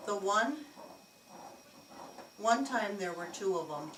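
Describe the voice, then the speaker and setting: A woman telling a chatty, animated story indoors in an old jail, laughing easily. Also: mid-range voice, slow. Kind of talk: casual storytelling to investigators. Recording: echoey, distant, noisy camcorder audio.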